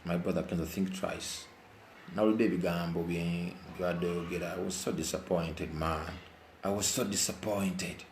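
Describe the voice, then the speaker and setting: Impassioned Ugandan man, low voice, echoey room. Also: steady tone, measured pace, a little hiss or hum. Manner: impassioned, repeats phrases, mixes Luganda and English. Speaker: vlogger. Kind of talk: emotional live commentary. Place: indoors while rain falls outside.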